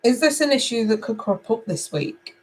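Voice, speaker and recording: A middle-aged woman from England reading tarot cards live, chatty and animated as she talks to viewers. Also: fairly high pitch, moderate pace, husky, low-quality recording. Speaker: tarot reader.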